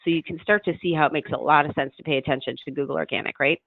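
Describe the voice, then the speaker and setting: A man's voice: fairly high pitch, steady tone, racing, gravelly. A man working as a marketing consultant, explaining web analytics on a business call, with many fillers and restarts. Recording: tinny phone-line audio.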